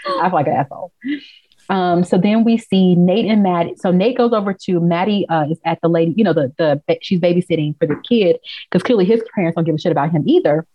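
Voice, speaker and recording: A woman hosting a casual chat, recapping a TV episode with profane, animated storytelling and acted-out quotes. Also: on the low side, fast, no room sound, muffled recording. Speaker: podcast host recapping a TV episode.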